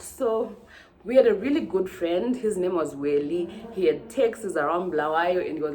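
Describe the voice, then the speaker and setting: Animated woman telling a story. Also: fairly low pitch, moderate pace. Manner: animated, acts out dialogue. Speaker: vlogger. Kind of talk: storytime vlog.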